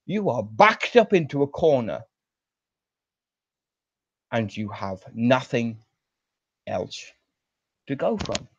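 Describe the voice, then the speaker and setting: A man delivering an angry, profane ranting monologue with drawn-out emphatic delivery. He sounds furious throughout. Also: mid-range voice, big pitch swings, a bit bright, slightly rough, no room sound. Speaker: online show personality. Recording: dull lo-fi dry recording.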